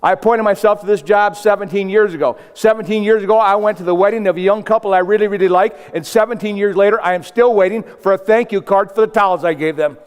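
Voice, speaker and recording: Pitched high and clear with a resonant tone, the older man talks quickly with few pauses. He's a motivational speaker from South Dakota giving a humorous keynote to a live audience, acting out quotes and adding punchy asides; the recording has a long hall reverb.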